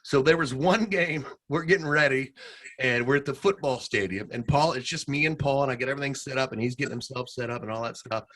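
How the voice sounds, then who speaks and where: A man co-hosting a podcast, telling stories in a casual, animated way and laughing as he goes. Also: medium pitch, quick pace. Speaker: podcast co-host. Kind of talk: casual storytelling chat.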